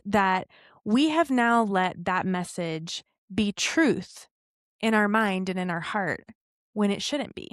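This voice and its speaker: A woman's voice: medium pitch, dry recording. Encouraging woman podcast host, dry close sound. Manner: earnest, encouraging, storytelling with laughs. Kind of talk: reflective solo podcast talk.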